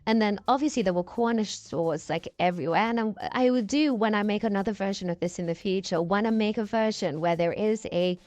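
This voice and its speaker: A woman's voice: mid-range voice, a little fast, hardly any pauses, a little mellow, no room sound. Chatty woman through a voice changer. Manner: chatty, rambling, enthusiastic. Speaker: game builder commentator. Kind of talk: casual voice-over commentary.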